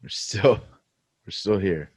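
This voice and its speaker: Low-voiced man teasing his co-host. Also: takes it slowly, a little mellow, slightly rough, no echo. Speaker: podcast co-host. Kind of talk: casual chat.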